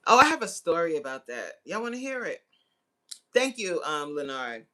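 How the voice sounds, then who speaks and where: A woman in her forties hosting a casual livestream and chatting with viewers. She is slangy and laughs often, with sudden jumps into high exclamations. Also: sing-song, normal speed, fairly bright tone. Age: 40s. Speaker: livestream host. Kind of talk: casual live chat reading viewer comments.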